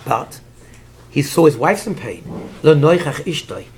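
There's slight background noise as a man with a fairly high voice gives a Torah lecture at a somewhat slow pace. Animated, he acts out the figures in the story while explaining commentaries in English with Hebrew terms, speaking as a Torah teacher.

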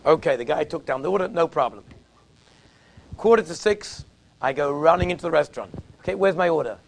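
A man's voice: fairly high pitch, expressive, a little fast, creaky, a little hiss or hum. A man giving a sermon in a conversational, anecdotal storytelling way. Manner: conversational, anecdotal, uses Yiddish and Hebrew terms. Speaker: rabbi giving a talk.

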